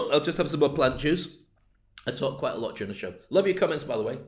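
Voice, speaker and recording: A man hosting a live-streamed business talk, rambling with jokey, self-deprecating asides. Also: on the high side. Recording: roomy echo.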